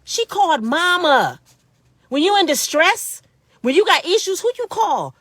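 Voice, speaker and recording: A woman's voice: extremely high pitch, sing-song, measured pace, fairly bright tone, no echo. A woman in her fifties giving an impassioned personal monologue, emphatic and indignant, repeating her points. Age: 50s. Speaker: vlogger telling her own story.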